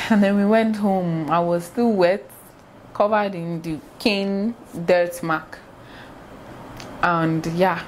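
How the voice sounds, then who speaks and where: Animated woman telling a story. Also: fairly low pitch, a little hiss or hum. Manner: animated storyteller acting out sounds and quoted voices. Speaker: vlogger. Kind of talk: casual storytime vlog.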